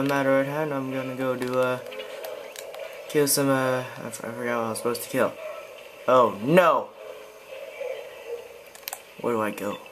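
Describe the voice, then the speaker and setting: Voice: medium pitch, a bit bright, a little hiss or hum, poor audio. A gamer giving let's play commentary, jumpy, yelping and pleading, and muttering to themselves in between.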